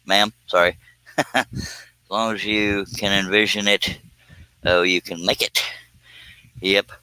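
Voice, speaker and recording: Chatting to viewers of his woodworking live stream, a low-pitched man speaks with a slow, smooth drawl and fairly even intonation, his voice carrying a bright, forward edge. Folksy and self-mocking, he jokes and reads viewer comments aloud. The close, dry sound with no room tone suggests a mic right in front of him in a home workshop.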